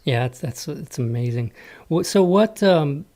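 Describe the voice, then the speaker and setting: A man's voice: a little high, expressive, a little slow, dark tone. A man hosting a podcast interview, chatting casually and often filling with "you know" and "like". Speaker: podcast host.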